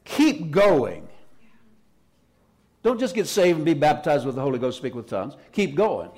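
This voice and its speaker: A man's voice: a little high, big pitch swings, moderate pace, a little mellow, slightly rough. A man preaching a Pentecostal sermon in a church service, fervent and emphatic, repeating his key phrases for weight. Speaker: pastor.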